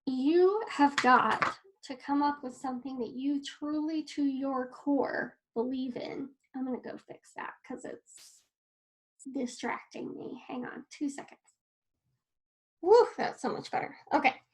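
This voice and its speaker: A woman with a high voice talks casually and earnestly to camera from her desk at home. She coaches and encourages the listener, and her talk turns heartfelt. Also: steady tone, unhurried, poor audio. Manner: earnest and encouraging, grows emotional. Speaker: wellness coach. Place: home desk in a sunny room.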